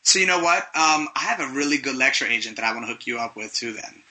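A man's voice: medium pitch, animated, quick pace, bright, forceful tone. A man hosting a talk radio show, interviewing a guest in an upbeat, promotional way. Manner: upbeat, promotional, plugging websites.

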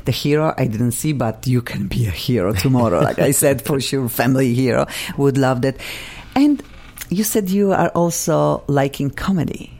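A woman hosting an interview in an excited, enthusiastic way, with slightly broken English grammar. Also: a bass voice, normal speed. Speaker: interview host. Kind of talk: casual interview chat.

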